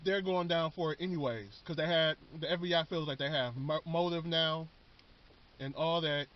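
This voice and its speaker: Rambling casual man, slightly high voice. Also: moderate pace. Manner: rambling, repeats words, slangy. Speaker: vlogger. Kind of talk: casual show recap while eating. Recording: dull lo-fi recording.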